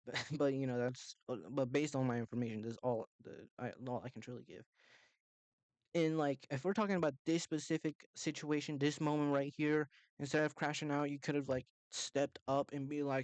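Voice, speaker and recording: A man's voice: mid-range voice, steady tone, a little fast, dry recording. A young man giving casual, rambling commentary, swearing a lot, laughing often and breaking into heated bursts.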